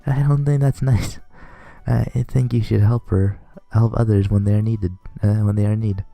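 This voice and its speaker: A man voicing a shy, gentle schoolgirl fortune-teller from a game, speaking softly and hesitantly. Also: on the low side, steady tone, normal speed, gravelly, dry recording, soft background music. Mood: timid. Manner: soft, hesitant, polite.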